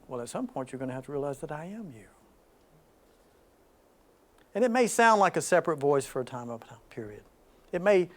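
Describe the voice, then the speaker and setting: A man speaks to a small spiritual gathering in a high voice. He leans hard on some lines and drops to a near-hush on others, laughing now and then between points. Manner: dynamic, swings from loud emphasis to soft hushed speech. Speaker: spiritual group leader. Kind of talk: spiritual talk to a small group.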